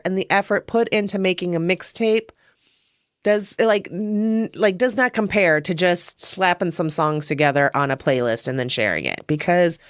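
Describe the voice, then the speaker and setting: A woman in her thirties with a fairly low voice talks into a close, dry microphone, reviewing a film on her podcast. She swears freely, breaks into giggles, and tells the story with loose, animated energy. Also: no room sound. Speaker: podcast host.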